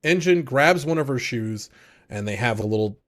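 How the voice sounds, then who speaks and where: Recapping anime episodes on the podcast he co-hosts, this man keeps things casual and lively, cursing frequently and performing the characters' dialogue. His voice is medium-pitched and he talks at a normal speed.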